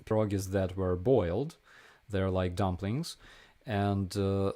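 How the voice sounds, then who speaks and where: A young man with a Ukrainian accent hosting a casual live stream Q&A, answering viewer questions in a halting way with many fillers and restarts. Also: on the low side, a little mellow.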